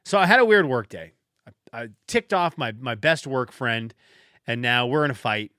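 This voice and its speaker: A man's voice: mid-range voice, expressive, moderate pace, bright, forceful tone, clean tone, dry recording. A man hosting a podcast alone, telling stories in a rambling, self-deprecating way with frequent restarts, close to the mic. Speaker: podcast host. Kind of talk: casual solo podcast monologue.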